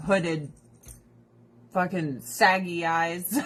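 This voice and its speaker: Her voice is lowish, steady and a bit bright, delivered extremely slowly with slight background noise. A direct skincare seller, she tests products on herself while chatting casually, rambling, laughing, swearing freely and holding strong opinions.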